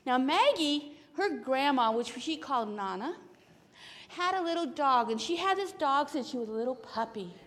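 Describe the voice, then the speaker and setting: A woman telling a Bible story to children in church, animated, with hushed whispers. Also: high voice, normal speed. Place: church sanctuary. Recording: long hall reverb of a church.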